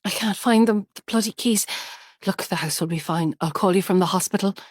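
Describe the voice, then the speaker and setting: A woman voicing a frantic wife who pleads with and shouts at an unconscious man. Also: mid-range voice, brisk, no room sound, clean studio sound, lightly acted. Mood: shaken. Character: frantic woman finding her hurt husband.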